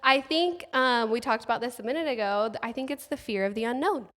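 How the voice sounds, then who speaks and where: A woman with a somewhat high voice who chats casually and often laughs as she talks. As a podcast host, she sounds like she is in a long-reverb space. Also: quick pace, fairly bright tone. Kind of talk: casual chat.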